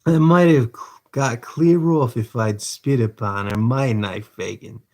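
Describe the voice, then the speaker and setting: A man reading aloud voices a slow-witted young male thief who pleads defensively. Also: medium pitch, darkish tone, close to an everyday voice. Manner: pleading, piles question on question.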